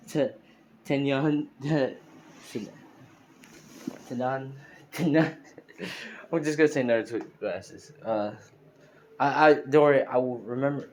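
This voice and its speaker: A man's voice: medium pitch, darkish tone, slight background noise. A man casually retelling a fan-made story, rambling with lots of fillers and laughing at his own slips. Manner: rambling, full of fillers like "you know" and "pretty much".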